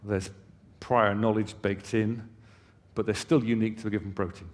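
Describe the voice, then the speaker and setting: A man's voice: on the low side, level tone, normal speed. A man giving a conference presentation, explaining things conversationally with casual asides to the audience. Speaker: company presenter. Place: conference hall stage. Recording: long hall reverb.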